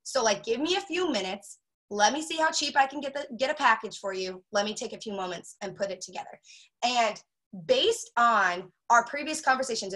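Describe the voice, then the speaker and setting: Bright, animated woman sales trainer. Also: a little high, rough recording. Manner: chatty, animated, acts out sales chats in quotes; frequent filler words. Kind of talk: casual training talk.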